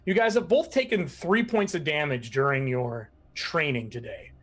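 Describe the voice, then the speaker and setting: A man narrating as game master of a tabletop game, animated and laughing often. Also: fairly high pitch, normal speed.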